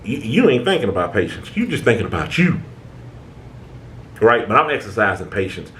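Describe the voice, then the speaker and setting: A man's voice: on the low side, very animated, fairly quick, fairly bright tone, slight background noise. A man hosting a self-help talk, speaking conversationally and preachily, with frequent restarts and "right?" checks. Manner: informal American speech, stammering restarts. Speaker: channel host.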